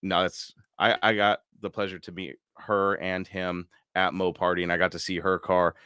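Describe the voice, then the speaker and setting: A man's voice: low-pitched, flat delivery, moderate pace, pushed and bright, smooth. A man hosting a live podcast, chatting casually and laughing often as he reads out viewer comments. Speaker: podcast host. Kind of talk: casual live-stream chat.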